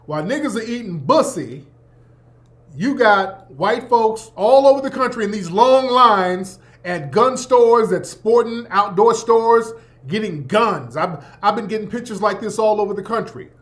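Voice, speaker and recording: A man's voice: sits high, lively intonation, unhurried, a bit bright. A man hosting his own show, giving emphatic, profane, preachy commentary in a casual way. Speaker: host.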